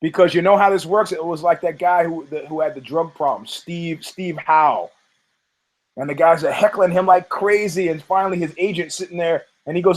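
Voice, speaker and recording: A man hosting a podcast, telling a story in a casual, profane, animated way and acting out the people in it. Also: fairly high pitch, normal speed, rough recording. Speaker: podcast host.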